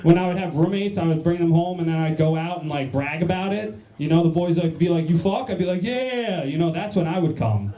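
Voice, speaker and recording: A man's voice: a little high, fast talker, few pauses, mellow, roomy sound. A man from New Jersey doing a stand-up set in a comedy club, crude and self-mocking, riffing with the crowd.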